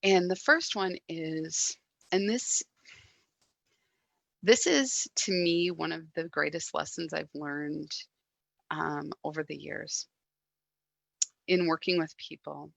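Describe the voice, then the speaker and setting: A woman giving a reflective sermon, speaking gently with soft pauses and quiet moments. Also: low voice, creaky, no room sound. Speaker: guest speaker at a church service.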